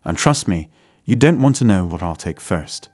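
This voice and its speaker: Snarling middle-aged loan-shark villain, low and dry, read by a male narrator for an audiobook story. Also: animated, moderate pace, darkish tone, breathy edge, no echo. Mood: menacing. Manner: snarling, threatening.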